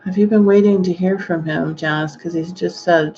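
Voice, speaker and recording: A woman giving a live-streamed psychic reading, speaking gently and hesitantly with frequent sighing exclamations. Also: lowish voice, fairly even intonation, normal speed, dull audio, a little hiss or hum. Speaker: psychic medium.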